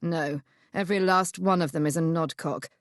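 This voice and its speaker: A woman voicing a young Regency gentleman, brooding and wry, with a sarcastic, self-reproaching manner. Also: low-pitched, fairly even intonation, normal speed, no echo, studio quality, lightly acted.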